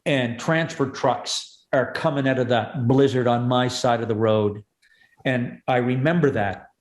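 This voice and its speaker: A man, a guest comedian, telling vivid comic stories in rapid bursts. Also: mid-range voice. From Canada. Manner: rapid, vivid comic storytelling with voiced impressions. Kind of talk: animated storytelling chat. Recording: echoey room.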